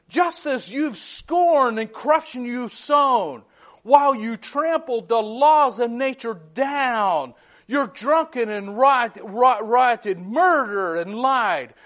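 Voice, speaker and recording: A gloating male devil mocks his doomed passengers in a sermon recitation, read out by a man. He taunts and scolds in a strikingly high, light voice. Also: a bit bright, heavily acted. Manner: taunting, mocking. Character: gloating male devil driving a hellbound train.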